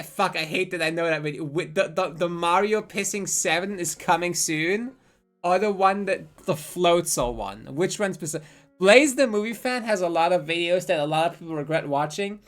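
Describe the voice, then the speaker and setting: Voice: mid-range voice, fairly bright tone. Rambling, profane live streamer. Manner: rambling, profane, self-interrupting. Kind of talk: casual live-stream chat.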